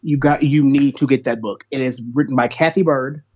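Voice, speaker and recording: A man's voice: mid-range voice, fairly even intonation, fairly quick, husky, dull audio. A man who is a guest on a podcast, talking casually and eagerly. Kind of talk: casual chat.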